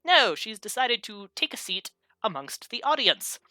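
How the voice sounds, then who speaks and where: Bright laughing woman running a game. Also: a little high, sing-song, measured pace, dry recording. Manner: rambling, laughing, self-mocking asides. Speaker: game master. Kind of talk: narrating a tabletop game and chatting with viewers.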